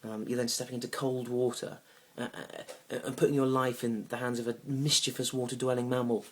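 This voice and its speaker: A young man telling a comic story about a bad date, awkward and rambling, now and then bursting into loud indignant rants. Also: medium pitch, little pitch movement, a little fast, slight background noise. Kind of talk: deadpan comic monologue.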